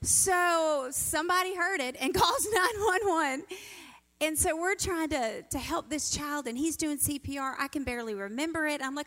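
A middle-aged woman giving a sermon as a guest speaker, telling stories in an animated way and acting out the quotes. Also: sits high, normal speed. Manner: animated, storytelling, acts out quotes. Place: church sanctuary. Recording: reverberant church hall.

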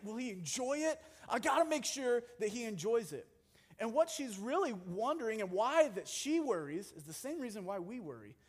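Young man, pastor, high-pitched, animated conversational sermon, reverberant church hall. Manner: conversational, animated, jokey asides.

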